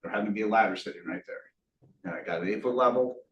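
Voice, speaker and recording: A guest speaker with a lowish voice talks very fast to a meeting-room audience, earnestly telling a survival story in a motivational style, punctuated by bursts of self-deprecating humor. The audio is dull, with an echoey room, a distant mic, and faint hiss.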